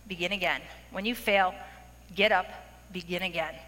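Middle-aged woman preacher, bright tone, lively storytelling sermon, big hall echo. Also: lowish voice, moderate pace. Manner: animated storytelling with acted-out quotes. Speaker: speaker at a women's event. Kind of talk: testimony sermon. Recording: long hall reverb.

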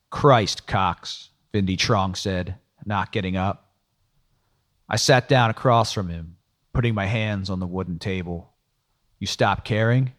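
Low-voiced man, world-weary noir audiobook narrator, dry and wry.

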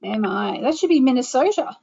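A radio host who is also an astrologer speaks a little fast, her high-sitting voice creaky, mellow, and slightly rough, with lively intonation. The recording is muffled, from a plain microphone without reverb. She soothingly guides a meditation, leads chants, and chats with callers.

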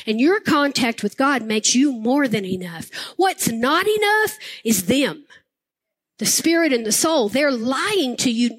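A woman's voice: high voice, breathy edge. An older woman pastor preaching a sermon with impassioned, emphatic repetition.

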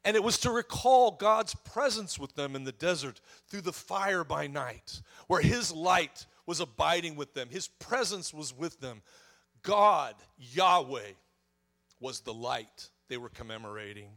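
A man's voice: on the high side, expressive, measured pace, gravelly, a bit bright. A man preaching a sermon, telling a scripture story and swelling then dropping his voice for emphasis. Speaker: pastor.

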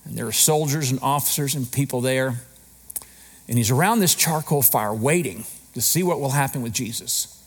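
A man's voice: medium pitch, moderate pace, slightly rough. A man preaching a sermon as pastor, conversational, often asking rhetorical questions. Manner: conversational, asks rhetorical questions, lively emphasis.

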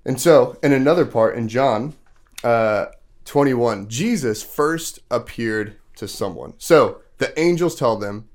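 A man's voice: mid-range voice, expressive, slow pace. A male podcast host casually retelling a Bible story to children, full of fillers and often stopping to quiz them. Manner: casual, asks the kids questions; loose storytelling with many fillers.

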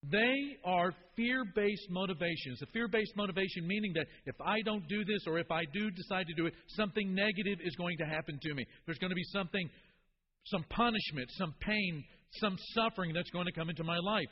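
A man's voice: high voice, brisk, a little hiss or hum. A man preaching a sermon as a pastor, talking to the congregation in an emphatic, conversational way. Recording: dull reverberant hall recording.

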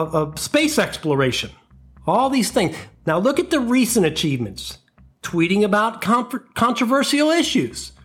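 This comedy podcast host has a high voice and rants into a close mic, animated and swearing, his outrage played for laughs.

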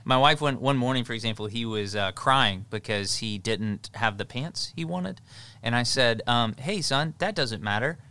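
A man in his thirties, co-hosting a podcast, telling family stories in a lively, rambling way with many restarts. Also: mid-range voice, moderate pace, clean tone, no echo. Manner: animated storytelling with frequent restarts and fillers. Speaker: podcast co-host, father. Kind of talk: casual podcast conversation.

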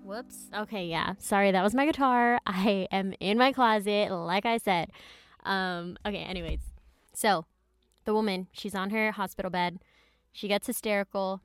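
A young woman speaking into the mic from a small closet, her voice smooth and clear with a dry, close sound. She retells a story in casual podcast chat, slangy and full of side notes. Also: medium pitch, fairly even intonation, moderate pace, dry recording. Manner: chatty, slangy storyteller with frequent asides. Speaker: podcast host. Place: closet at home.

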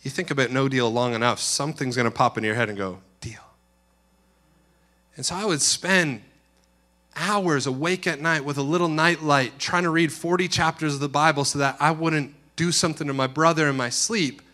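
A man preaching a sermon, telling a personal story earnestly, dropping to a hush and rising again. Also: fairly high pitch, a little fast. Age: adult. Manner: earnest storytelling, swings from hushed to loud. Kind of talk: sermon testimony.

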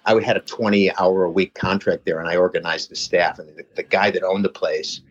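A man with a husky, fairly low voice tells a winding story in relaxed chat, padding nearly every thought with "you know" and restarts. The sound is dull and lo-fi, like a muffled call. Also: brisk. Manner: rambling, lots of "you know" fillers. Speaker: podcast guest, personal trainer. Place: lives near Reading, England.

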